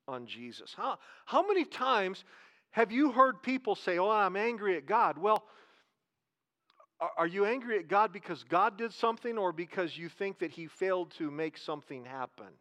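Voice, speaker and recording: A pastor with a notably high-pitched voice delivers a sermon like a chat with his congregation. He asks questions, repeats his key lines and draws out words for emphasis. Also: lively intonation, normal speed, a bit bright.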